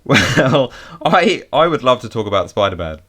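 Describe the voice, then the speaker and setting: A man's voice: mid-range voice, big pitch swings, normal speed, a bit bright. A British man hosting a casual podcast, teasing his guest and joking a lot. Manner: teasing, joking, laughs often. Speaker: podcast host.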